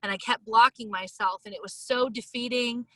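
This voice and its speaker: A woman hosting a casual interview chat, talking in an emotional, enthusiastic and expressive way. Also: on the high side, moderate pace, dry recording, low-quality recording. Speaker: podcast host.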